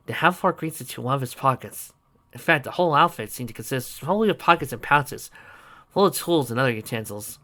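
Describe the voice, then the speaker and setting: A man narrating a fan fiction story in an even, steady way. His voice is bright and forward, at a mid pitch for a man. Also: fairly quick. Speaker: reader.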